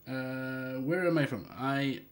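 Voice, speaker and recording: On a laid-back livestream, a hobbyist hardware maker from Scotland's Isle of Lewis takes viewer questions, wandering and hesitating with lots of filler words. His Scottish voice is medium-pitched with fairly even intonation, and he takes it slowly.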